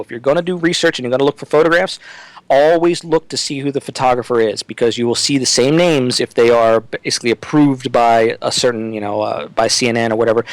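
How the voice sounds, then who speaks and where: A man's voice: mid-range voice, no room sound, poor audio. Man guest with a dry close sound. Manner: emphatic, restarts his sentences often. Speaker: interview guest. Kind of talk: conversational talk-radio interview.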